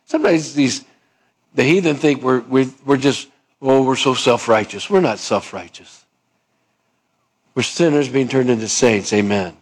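A male preacher giving a sermon, asking his listeners rhetorical questions and acting out little dialogues. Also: mid-range voice.

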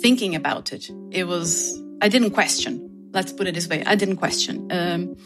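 A woman's voice: fairly low pitch, normal speed, music in the background. A woman from Brazil, an opera singer, telling her story in an interview and acting out the dialogue in different voices. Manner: lively, acts out dialogue in voices.

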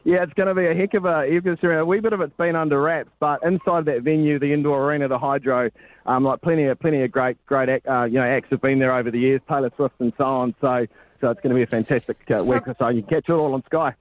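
A man's voice: mid-range voice, fairly even intonation, fast, phone-quality sound. A man reporting live in a matey, rambling way, often restarting his sentences. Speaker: sports reporter calling in. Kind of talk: casual live cross report.

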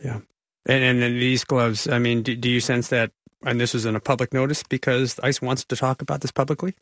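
A man's voice: mid-range voice, little pitch movement, a little fast, a bit bright, no room sound. A man anchoring a news interview, conversational, with some stammered restarts.

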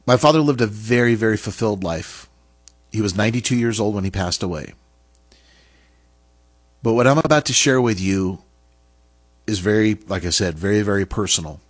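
A middle-aged man telling a personal story in an earnest, halting way, with restarts and pauses. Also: on the low side, dry recording. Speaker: speaker sharing a personal story.

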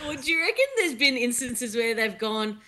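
A woman co-hosting a casual radio show, dropping in short quips and laughing along. Her voice sits a little higher than average for a woman. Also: expressive, pushed and bright. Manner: quick interjections, laughs often. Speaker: radio co-host.

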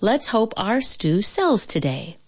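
Woman doing a shrill, brisk village mama. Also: sing-song, no echo, studio quality, full character voice. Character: warm, practical older village mother.

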